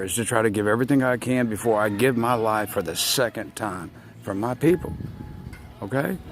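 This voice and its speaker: A man giving a rambling, impassioned monologue, speaking straight to his listeners and swinging between loud outbursts and near murmurs. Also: mid-range voice, slight background noise.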